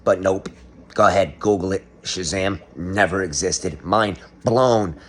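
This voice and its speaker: A man's voice: low voice, measured pace, slight background noise. A middle-aged man doing a comedic monologue, ranting sarcastically as if exposing a conspiracy. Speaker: comedic commentator.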